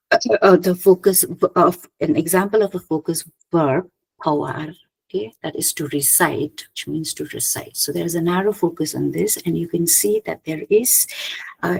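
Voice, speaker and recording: A woman giving an academic slide presentation, hesitant, often pausing with "okay" and restarting her phrases. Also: fairly low pitch, fairly even intonation, vocal fry, husky, low-quality recording. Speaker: conference presenter.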